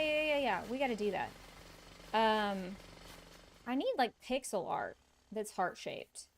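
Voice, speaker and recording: A woman chats her way through a cozy game stream, answering viewers and laughing easily. Her talk is loose and conversational, with quick asides. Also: mid-range voice, very animated, a little hiss or hum. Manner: chatty, laughs often, reads and answers chat. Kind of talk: casual gaming stream chat.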